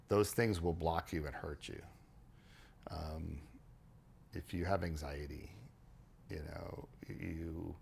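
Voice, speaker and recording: A man hosting a podcast, explaining ideas in a casual, animated way with frequent restarts and repeated words. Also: low voice, vocal fry. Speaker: podcast host.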